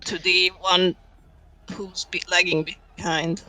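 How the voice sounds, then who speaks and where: A man's voice: high voice, little pitch movement, slow pace, bright, forceful tone, rough recording. A man playing a tabletop game, sounding unsure and asking about the rules. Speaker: player.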